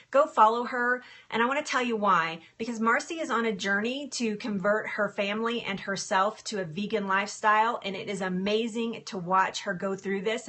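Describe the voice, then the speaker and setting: Upbeat woman health coach on a phone live stream, bright voice, laughs easily. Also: medium pitch. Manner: bubbly, giggly, talks to viewers by name. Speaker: livestream host, health coach. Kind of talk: casual live-stream chat. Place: home kitchen. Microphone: phone camera.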